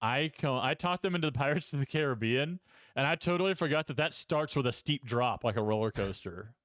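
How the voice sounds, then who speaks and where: A man's voice: medium pitch, lively intonation, a little fast, fairly bright tone, no room sound. A man co-hosting a podcast, chatting casually and poking fun at himself with frequent laughs. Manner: laughs often, self-mocking. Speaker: podcast co-host. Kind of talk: casual chat.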